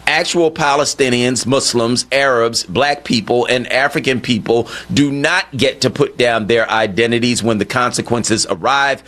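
A man's voice: medium pitch, fairly bright tone. A man hosting a call-in radio talk show, speaking emphatically and firing off rhetorical questions.

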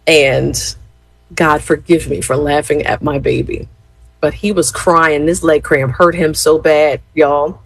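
Chatty husky woman in her fifties. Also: low-pitched, fairly even intonation, unhurried, dry recording, rough recording. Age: 50s. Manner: chatty and rambling, many fillers, addresses viewers as y'all. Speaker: former gospel radio host. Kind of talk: casual storytelling to viewers.

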